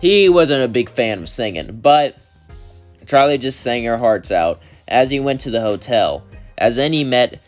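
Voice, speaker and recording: A man's voice: mid-range voice, expressive, a little slow, soft background music. A man narrating a fan story in a loose, rambling way.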